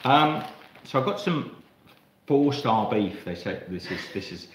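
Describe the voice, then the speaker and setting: A Melbourne man hosts a live cooking stream from his kitchen, chatting to viewers in a rambling way as he cooks. His mid-range voice is animated and unhurried, and the audio is reverberant with background noise.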